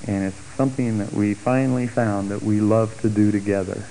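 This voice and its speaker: A middle-aged man telling a personal testimony story, acting out the voices of the people in it with big jumps in pitch. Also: fairly quick, rough recording. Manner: animated, acts out quoted speech with big pitch jumps.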